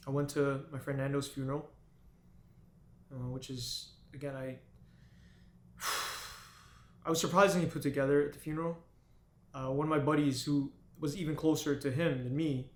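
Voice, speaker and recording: A man telling an emotional personal story to camera, halting and full of restarts. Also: mid-range voice. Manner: halting, with frequent restarts and fillers. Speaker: vlogger. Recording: echoey room.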